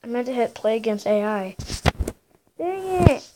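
A woman giving excitable gameplay commentary as a gaming YouTuber, full of gasps, exclamations and playful sing-song bits. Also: a little high, fast, heavy background noise.

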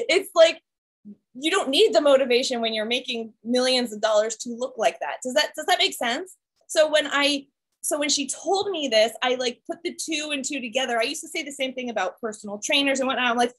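A woman leading a video call for her team, telling her story in a chatty, animated way with lots of "right?" and "like". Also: high voice, brisk, low-quality recording. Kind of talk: casual presentation to her team.

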